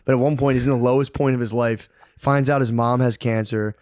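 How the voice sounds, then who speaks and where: A man co-hosting a podcast, retelling a book in a rambling, animated way, full of "dude" and "like". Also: mid-range voice, a little fast, no room sound, clean studio sound. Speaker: podcast co-host. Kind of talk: casual chat, retelling a book.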